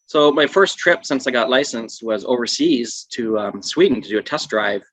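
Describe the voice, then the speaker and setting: Bright-voiced man telling a story. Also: mid-range voice, normal speed, breathy edge, no room sound, poor audio. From Canada. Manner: animated anecdotes with laughs. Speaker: trucking magazine editor, guest. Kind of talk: casual storytelling.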